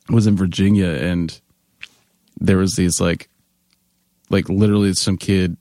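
A man's voice: low-pitched, steady tone, takes it slowly, gravelly, dark tone, dry recording. A man in his thirties, a band member, telling stories in casual chat, laughing often and acting out other people's lines. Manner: laughs often, acts out quoted people in a raised voice.

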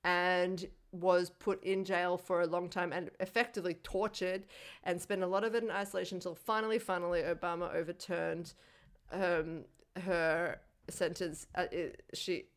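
A woman co-hosting a casual film review podcast, laughing, swearing freely and talking with animated energy. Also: fairly low pitch, moderate pace, clean tone. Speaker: podcast co-host.

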